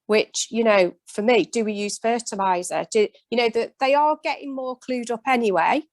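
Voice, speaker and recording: A woman's voice: a little high, moderate pace, dry recording. A woman dairy farmer from Britain speaking on a webinar panel in an earnest, plain-spoken and emphatic way.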